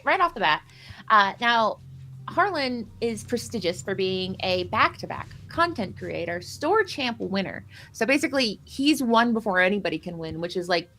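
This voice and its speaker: A woman commentating a live trading card game tournament in a playful, jokey way. She rambles through player introductions with teasing asides, at a middle pitch that suits her. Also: fairly bright tone. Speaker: caster.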